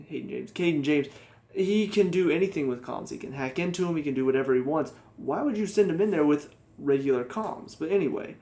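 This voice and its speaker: A man's voice: a little high, a little mellow. A young man giving a casual spoken TV review, ranting in exasperation and mocking the characters. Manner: exasperated, ranting, mocks characters in quoted voices. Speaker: TV show reviewer.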